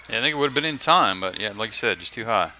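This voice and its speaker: A man giving joking color commentary on a high school baseball game. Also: animated, rapid-fire, pushed and bright. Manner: joking, laughs often.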